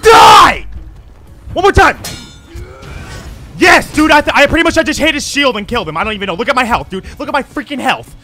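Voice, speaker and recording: A young man giving live gameplay commentary, swearing often and swinging between shouted rage and low grumbling. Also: animated, a little fast, long pauses. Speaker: gaming video creator.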